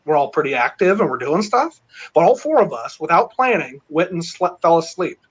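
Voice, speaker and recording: A middle-aged man telling a long story in casual chat, rambling and excited, with many fillers. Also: a little high, moderate pace, breathy edge. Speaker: panel guest. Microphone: video call. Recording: dull lo-fi online call audio.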